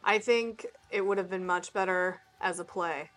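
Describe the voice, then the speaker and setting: A woman's voice: on the low side, normal speed, a bit bright. Chatty woman with a laugh. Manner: chatty, laughs often, hesitant fillers. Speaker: podcast co-host. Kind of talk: casual chat.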